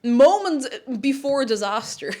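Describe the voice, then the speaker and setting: A woman's voice: high-pitched, sing-song, slow pace, darkish tone. A woman chatting casually and giggling while cooking at home on a live stream. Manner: chatty and giggly, breaks into silly noises.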